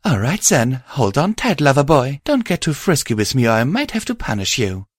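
A man's voice: mid-range voice, sing-song, moderate pace, no echo, studio quality, pitched above the performer's own voice. A man voicing a brash female pegasus mare, crude and flirty, with a teasing, blunt delivery.

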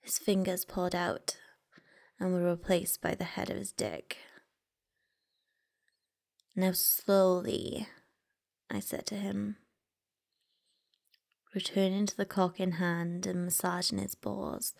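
A woman narrating a story in a hushed, intimate whisper, her words drawn out very slowly. Her voice sits a little low, with a gravelly fry running through it. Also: level tone. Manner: soft, intimate, mostly whispered delivery.

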